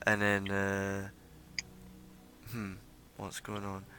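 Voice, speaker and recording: A man's voice: low-pitched, monotone, very slow, background noise. A man narrating as game master of a tabletop game, rambling with many fillers.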